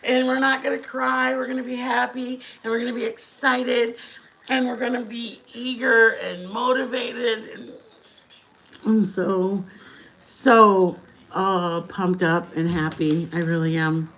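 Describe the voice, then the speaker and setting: A middle-aged woman hosting a casual home-kitchen live stream, chatting in a rambling, warm way with her viewers. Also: a little high, fairly even intonation, slow, a little hiss or hum, rough recording. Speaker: channel host. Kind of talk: casual chat while cooking, live stream.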